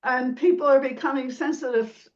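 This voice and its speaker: A woman's voice: sits high, steady tone, moderate pace, a little mellow, distant mic. Woman academic guest, explanatory, demonstrates sounds; dull lo-fi line. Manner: imitates vowel sounds, laughs lightly. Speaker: sociolinguist guest. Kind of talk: explanatory interview talk.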